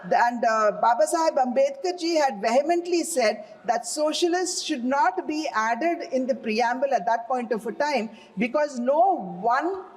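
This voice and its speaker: A woman's voice: sits high, moderate pace, few pauses. A woman with an Indian English accent giving a formal, emphatic parliamentary speech, repeatedly addressing the chair as sir. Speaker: member of parliament. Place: large debating chamber. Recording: echoey parliament chamber.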